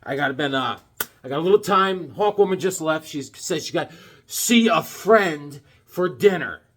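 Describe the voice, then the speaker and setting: A man's voice: on the high side, animated, a little slow, a bit bright, husky. A middle-aged man chatting casually to camera about comic books, jokey and wisecracking. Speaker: comic book vlogger. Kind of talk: casual rambling chat to camera.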